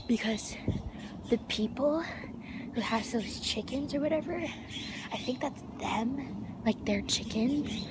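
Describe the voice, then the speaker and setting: A young woman vlogging on her phone in a backyard, excitable and giggly, gasping and sometimes dropping to a whisper. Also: a little high, slow, pauses often. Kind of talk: casual vlog chatter. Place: backyard outdoors. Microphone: handheld phone. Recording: noisy outdoor phone recording. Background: outdoor ambience with animals.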